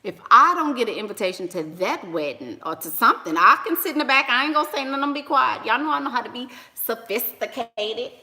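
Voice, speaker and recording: A woman's voice: fairly high pitch, animated, quick pace, few pauses, pushed and bright. A woman, chatting casually and animatedly to viewers, slangy and laughing often. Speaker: online business coach and vlogger.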